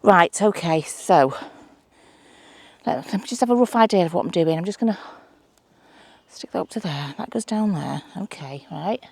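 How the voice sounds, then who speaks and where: Chatty Manchester woman with gravelly voice. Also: fairly low pitch, lively intonation, moderate pace, dry recording. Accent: Manchester English. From England. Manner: chatty, self-deprecating, thinks aloud while doing DIY. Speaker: allotment gardening vlogger. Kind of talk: casual vlog narration while working. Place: outdoor allotment garden.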